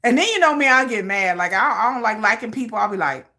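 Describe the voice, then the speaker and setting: Animated, bright-voiced woman livestream host. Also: fairly high pitch, fast. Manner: animated, laughing, reacting to viewer comments; dramatic, playful ranting. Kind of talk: casual livestream chat.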